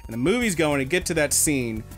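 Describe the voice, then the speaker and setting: A man co-hosting an anime podcast, telling stories in an animated, swearing, casual way. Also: a little high, a little fast. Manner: animated storyteller, swears a lot. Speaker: podcast co-host. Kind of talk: casual chat.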